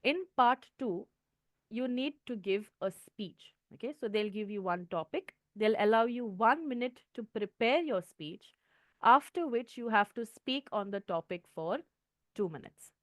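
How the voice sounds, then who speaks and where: A woman's voice: on the high side, expressive, unhurried, no echo. A woman with an Indian English accent teaching a test-prep webinar, explaining things step by step and often checking in with "okay?". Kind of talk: webinar lesson.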